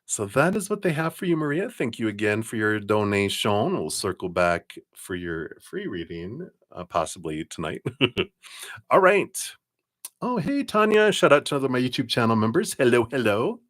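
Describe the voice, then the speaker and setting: A man's voice: medium pitch, big pitch swings, moderate pace, fairly bright tone, dry recording, clean studio sound. A man giving live-stream tarot readings, talking reassuringly and directly to the viewer with frequent chuckles. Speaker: tarot card reader.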